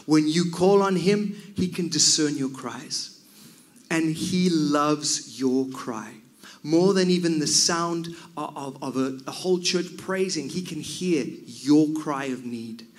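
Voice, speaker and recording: A man preaching a sermon, swinging from loud cries down to near whispers. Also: a little high, slow pace.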